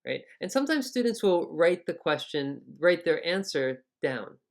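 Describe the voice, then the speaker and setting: A man, teaching a relaxed, chatty spoken lesson with plenty of fillers and pronunciation demonstrations. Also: a little high, moderate pace. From New York area, USA. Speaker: English teacher.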